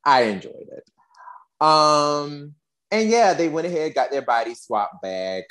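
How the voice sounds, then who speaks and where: Low-voiced, animated woman podcast co-host. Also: unhurried. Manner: animated, emphatic, exasperated storytelling. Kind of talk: casual chat.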